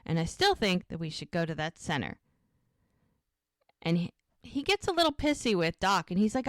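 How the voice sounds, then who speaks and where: A woman retelling a TV episode in casual podcast chat, her pitch leaping up and down as she acts out the characters' lines. The sound is dry and close, with no room around her. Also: moderate pace, dry recording. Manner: animated retelling, acting out lines with laughs. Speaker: podcast co-host recapping a TV episode.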